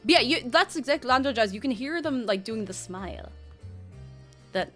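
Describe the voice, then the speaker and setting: A young woman streaming from home and chatting with her viewers. Her pitch swings widely as she rambles in an animated, self-interrupting way. Faint music plays quietly behind her close desk mic. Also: fairly quick. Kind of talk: casual live-stream chat. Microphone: desk microphone.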